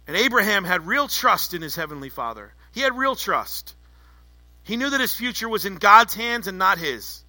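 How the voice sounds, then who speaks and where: A male pastor delivers a sermon with emphatic, repeated phrases. His voice sits high and cuts through with a very bright edge. The sound is dry, with no room echo. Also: sing-song, moderate pace. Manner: emphatic, rhetorical, repetitive.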